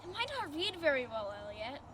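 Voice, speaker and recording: A woman's voice: sits high, a little fast, a little hiss or hum. A woman acting a dry, sarcastic office employee in a comedic audio drama. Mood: sardonic. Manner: deadpan, sarcastic.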